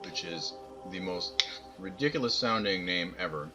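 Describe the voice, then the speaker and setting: A man's voice: sits low, expressive, moderate pace, dull audio, over music. A man streaming a multiplayer game and chatting casually with friends, telling rambling stories full of fillers and the odd swear word. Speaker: streamer playing with others. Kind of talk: casual voice chat banter.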